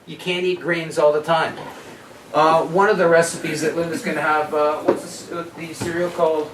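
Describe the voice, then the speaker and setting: A man's voice: a little high, moderate pace, noisy background. Man presenting a workshop in an echoey room. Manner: lively, asks audience questions. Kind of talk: health workshop talk. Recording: echoey room, distant mic.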